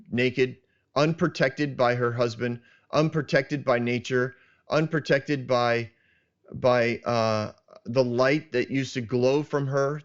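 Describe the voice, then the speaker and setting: A man hosting a podcast, reflecting earnestly on a scripture passage and often restarting his sentences as he thinks aloud. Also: medium pitch. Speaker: podcast host teaching scripture. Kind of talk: reflective teaching talk. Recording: dull lo-fi sound.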